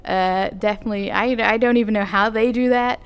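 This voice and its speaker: A woman's voice: medium pitch, fairly even intonation, a little fast, clean tone. A young adult woman vlogging in a casual, rambling, self-deprecating chat with giggly asides. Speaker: vtuber vlogger.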